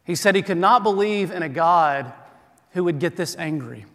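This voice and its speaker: A middle-aged man delivers a sermon from a church pulpit, his voice sitting a little higher than most men's. He talks in a relaxed, conversational way with bits of self-deprecating humor, and a long reverb trails his words through the sanctuary. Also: normal speed. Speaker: pastor.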